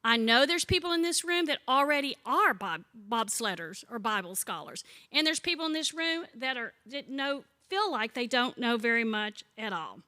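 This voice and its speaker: A Bible study is led by a sixty-something woman whose bright, forward, fairly high voice has lively intonation, normal speed and few pauses. She teaches in a chatty, conversational way, sharing humorous stories with warmth and quizzing the group.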